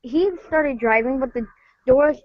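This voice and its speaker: Woman caller, nervous-sounding halting delivery, somewhat high, dry muffled lo-fi sound. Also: no room sound. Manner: hesitant, halting, many fillers. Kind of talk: casual phone-in storytelling. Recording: muffled lo-fi audio.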